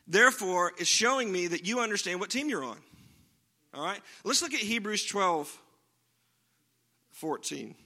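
A man's voice: sits high, expressive, moderate pace, long pauses, pushed and bright. A man preaching a sermon in a conversational way, often checking in with his listeners by asking "right?". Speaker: pastor.

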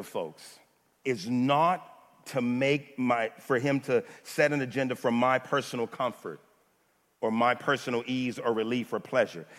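A man preaches a sermon in a church, with a mid-pitched voice that builds to fervent repeated phrases and then drops into relaxed, chatty asides. The long reverb of the hall trails behind every line. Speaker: pastor. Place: church sanctuary.

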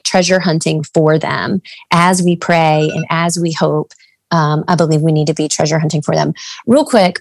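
A woman with a lowish voice talks in an earnest, reflective way, pausing on fillers as she chats on a faith podcast. Her voice sits close and dry, with no room around it. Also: darkish tone, no echo. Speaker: podcast co-host. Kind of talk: casual faith chat.

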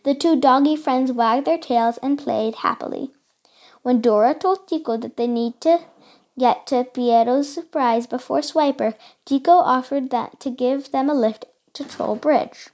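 A woman's voice: sits high, unhurried, a little mellow. A woman reading a children's storybook aloud, carefully and with small slips. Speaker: storybook reader.

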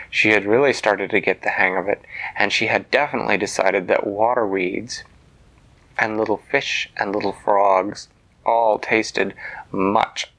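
A man telling a bedtime story to a child in a gentle voice that sometimes drops to a soft whisper. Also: on the low side, low-quality recording.

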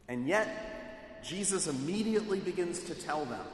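A man preaching a sermon in a measured, emphatic way, voicing quoted speech with dramatic weight. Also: a little high, lively intonation. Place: church sanctuary. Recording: echoey hall, mic at a distance.

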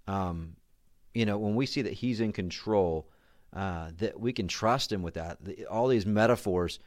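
A man's voice: fairly low pitch, no room sound, studio quality. A man giving a devotional talk on a psalm as a pastor, speaking earnestly, often repeating and restarting his words. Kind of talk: devotional sermon.

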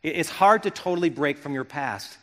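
A man's voice: fairly high pitch, lively intonation, a little fast, fairly bright tone. A middle-aged man from Wisconsin preaching a sermon, earnest and reflective, often restarting his phrases. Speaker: pastor. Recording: long hall reverb.

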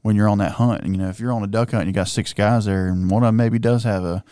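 Dry-humored man with a lowish voice. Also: steady tone, fast, warm tone, dry recording. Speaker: podcast co-host, first responder. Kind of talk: casual chat.

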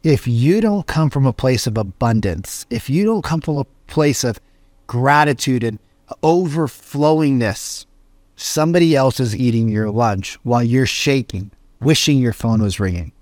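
A man talking as a podcast guest, animated and emphatic, often repeating his phrases. His voice sits at an ordinary middle pitch. The sound is dry and close, with no room echo. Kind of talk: casual storytelling with motivational advice.

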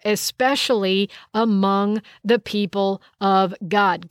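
Animated woman teaching a Bible lesson. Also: medium pitch, no room sound, studio quality. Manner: animated, emphatic, conversational.

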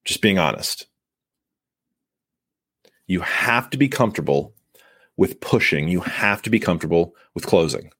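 Coaching listeners emphatically in a solo sales podcast monologue, a man acts out brief scenes between buyers and sellers. His low voice is animated yet measured, with long pauses, a fairly bright tone, and a breathy edge, in a dry, clean studio recording.

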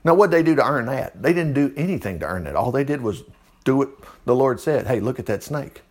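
A middle-aged man leading an informal Bible study, folksy and animated, talking straight to his listeners and laughing often. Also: mid-range voice, brisk.

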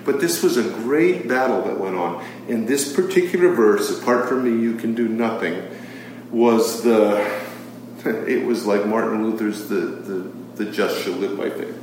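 A man's voice: lowish voice, measured pace, darkish tone, slight background noise. A man teaching a Bible study to a live group, reading scripture aloud and posing rhetorical questions, with frequent fillers. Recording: very echoey room, far from the mic.

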